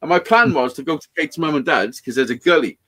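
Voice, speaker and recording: A man's voice: a little high, quick pace. A man telling a rambling, sweary story in casual chat. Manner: rambling, heavy swearing, animated. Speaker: podcast guest storyteller.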